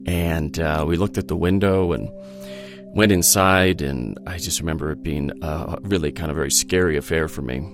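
A man telling a fond, earnest story about his father. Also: extremely low pitch. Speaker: guest sharing a memory. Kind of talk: reflective storytelling.

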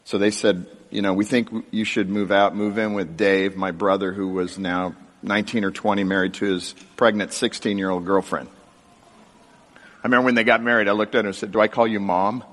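A middle-aged man telling his life story to a live audience in a lively, joking storytelling style. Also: fairly quick. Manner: animated, jokey storytelling with big pitch swings. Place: large hall with an audience. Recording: long hall reverb.

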